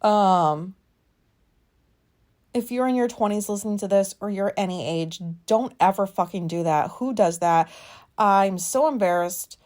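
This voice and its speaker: A woman in her forties, hosting a podcast and talking through an embarrassing memory in a candid, rambling way, self-conscious and quick to swear. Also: medium pitch, a little mellow. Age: 40s. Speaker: podcast host. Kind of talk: candid personal monologue.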